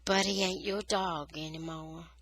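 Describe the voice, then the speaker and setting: A woman reading aloud, voicing a weary, gentle father who speaks in a soft, low, measured way. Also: steady tone. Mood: quiet, weary.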